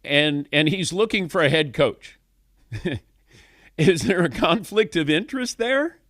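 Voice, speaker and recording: A man's voice: fairly high pitch, lively intonation, slow, a bit bright, dry recording, studio quality. A middle-aged man hosting a sports talk show, chatting casually and laughing often. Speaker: sports talk radio host.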